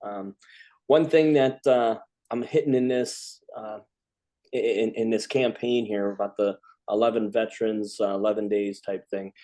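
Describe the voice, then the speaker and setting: A man hosting a casual talk among veterans, speaking haltingly with many restarts. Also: lowish voice, steady tone, mellow. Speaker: host, veteran. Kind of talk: casual conversation.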